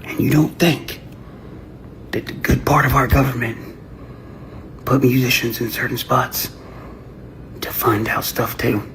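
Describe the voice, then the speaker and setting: A man's voice: medium pitch, fairly even intonation, unhurried, long pauses, a bit bright, slight background noise. A man ranting casually and profanely on a livestream, boastful and laughing often. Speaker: livestream host.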